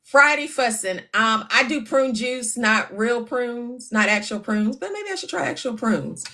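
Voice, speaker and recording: A woman's voice: fairly high pitch, expressive, unhurried, pushed and bright. A middle-aged woman, hosting a casual livestream, chatting and reading out comments. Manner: chatty, laughing often, reading comments aloud. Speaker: livestream host.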